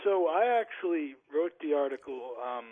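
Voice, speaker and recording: A man being interviewed as a radio guest, halting and searching for words with many fillers. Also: a little high, expressive, dry recording. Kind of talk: interview on a call-in radio show. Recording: tinny phone line.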